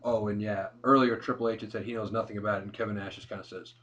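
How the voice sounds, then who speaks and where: A man's voice: fairly low pitch, steady tone, rapid-fire, a bit bright. A young man co-hosting a wrestling review, recapping the show in a joking, laid-back way. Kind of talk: casual chat.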